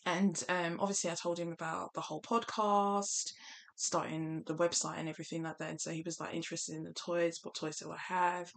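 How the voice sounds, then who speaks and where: A woman's voice: lowish voice, flat delivery, a little fast, creaky. A young woman hosting a podcast, telling a candid story with frequent laughter. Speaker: podcast host. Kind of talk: casual chat.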